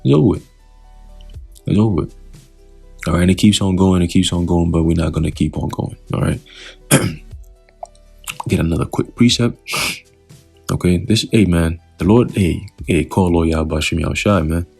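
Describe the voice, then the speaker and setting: A man with a very low, gravelly voice and a husky edge, teaching scripture in a loose, conversational way. He keeps asking his listeners questions as he goes. Faint music plays behind him. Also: moderate pace, long pauses, darkish tone.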